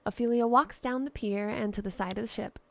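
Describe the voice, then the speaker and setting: Gravelly-voiced woman narrating a fantasy. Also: mid-range voice, a little fast, dry recording. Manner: steady, descriptive storytelling. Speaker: writer and narrator.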